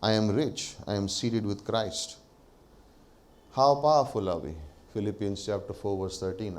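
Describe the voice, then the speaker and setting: A pastor with a fairly low, darkish voice preaches a little slowly in church, asking the congregation rhetorical questions and then answering them himself. Between points he gives light laughs.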